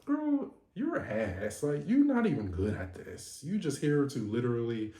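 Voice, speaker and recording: A man's voice: mid-range voice, big pitch swings, unhurried, dark tone, reverberant. A man voicing a confident, sassy young woman who talks in a cutting way.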